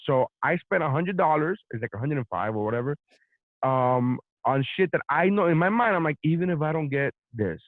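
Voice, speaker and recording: A man's voice: fairly high pitch, brisk, dry recording. Profane man ranting on a tinny line. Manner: profane, animated storytelling. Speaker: podcast host. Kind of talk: casual storytelling rant. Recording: dry, phone-like narrow sound.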